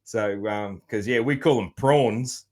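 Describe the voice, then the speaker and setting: A man's voice: on the low side, slow, darkish tone. A man with an Australian accent hosting a podcast interview in a laid-back, casual way, swearing freely and leaning on fillers. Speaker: podcast host.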